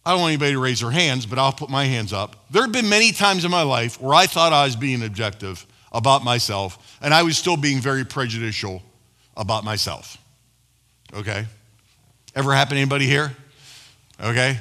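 A man preaching a sermon to a live congregation, with call-and-response asides, swinging between loud emphatic lines and quiet low asides. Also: animated, fairly quick. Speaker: pastor. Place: church hall before a live congregation.

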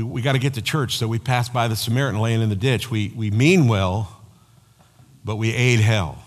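A man preaching a sermon as pastor, telling personal stories in an animated way. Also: fairly low pitch. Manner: storytelling, animated, acts out quoted voices. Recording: long hall reverb.

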